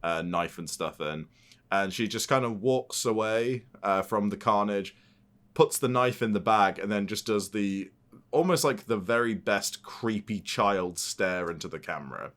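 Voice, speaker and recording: A man with a fairly low voice co-hosts a film podcast. He recaps a plot in a loose, rambling way and swears freely in casual chat. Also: measured pace, fairly bright tone. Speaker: podcast co-host.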